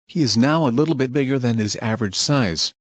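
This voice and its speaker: A man reads scripted narration in a plain, even way, at a middle pitch. The sound is dry and close, with no room around it. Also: fairly quick, no echo. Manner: plain, even recounting of scenes.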